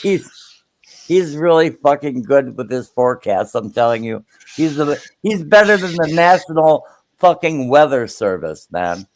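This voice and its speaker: A man's voice: fairly high pitch, sing-song, a little slow, no room sound. A man chatting casually, rambling with lots of hesitations. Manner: rambling with many ums. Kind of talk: casual chat.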